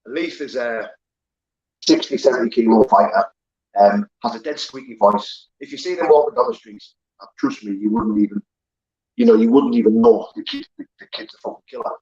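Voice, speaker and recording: Speaking fairly quickly in an expressive, mid-range voice with a darkish tone, this interview guest, an ex-prisoner who became a pro fighter, openly recounts his life, cursing and wandering with many fillers. The highs are cut off in the recording.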